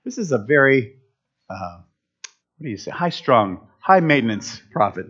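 A man's voice: medium pitch, normal speed. A man preaching a casual, humorous sermon, often restarting his phrases. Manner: animated, humorous, self-interrupting. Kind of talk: conversational sermon. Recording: dull lo-fi recording.

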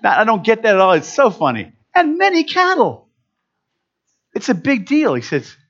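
Animated, joking male preacher. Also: sits high, fairly quick. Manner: animated, humorous, self-interrupting. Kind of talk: conversational sermon. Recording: dull lo-fi recording.

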